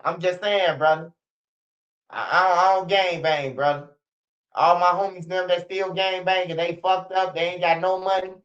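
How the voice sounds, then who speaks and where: A man on a live stream, telling stories and commenting in a profane, animated way. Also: sits high, normal speed. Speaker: streamer commenting on street news. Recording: dull lo-fi stream audio.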